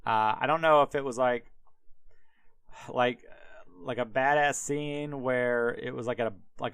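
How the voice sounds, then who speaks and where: A man's voice: medium pitch, clear, resonant tone, no room sound. A man hosting a podcast, retelling a Bible story in a casual, irreverent way with swearing and many fillers. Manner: irreverent, profane, heavy on fillers. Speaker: podcast host.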